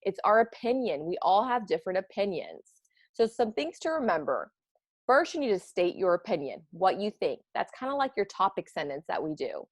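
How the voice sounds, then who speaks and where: A woman teacher giving a read-aloud writing lesson for children, animated and expressive, a parent herself. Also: mid-range voice, moderate pace, dry recording, studio quality. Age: adult, parent of children. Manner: animated, expressive, bursts of excitement.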